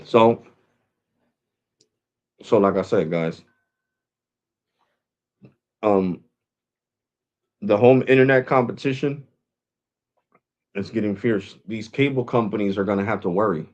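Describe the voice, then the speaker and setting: Low-voiced slangy man vlogging. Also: slow, long pauses, a little mellow, lo-fi sound. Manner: loose, slangy and repetitive. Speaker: tech vlogger. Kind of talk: casual talk to camera. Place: his home.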